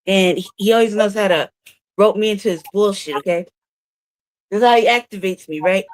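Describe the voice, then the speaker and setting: Woman cussing and laughing through a story, dry close sound, middle pitch. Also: fairly quick, no echo. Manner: profane storyteller, laughs often. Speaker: co-host of a news talk show. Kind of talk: casual chat. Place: her own room.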